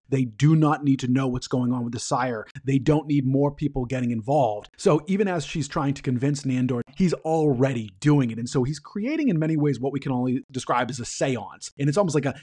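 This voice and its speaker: A male podcast host talks through a TV episode in a casual, chatty recap. His voice sits at an ordinary middle pitch, and his delivery loops through fillers and asides as he retells each scene. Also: darkish tone, slightly rough.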